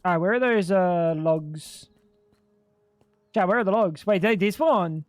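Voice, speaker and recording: A man's voice: sits high, unhurried, long pauses, dry recording, faint music behind. A young man livestreaming a game, bantering with his chat in a joking, profane way. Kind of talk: casual gaming livestream chat.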